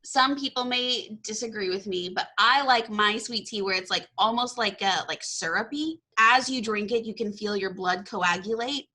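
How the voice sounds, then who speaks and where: Bubbly bright-voiced woman. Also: mid-range voice, normal speed, few pauses. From Texas. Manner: bubbly, laughs often, excitable. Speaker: podcast host. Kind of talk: casual chat.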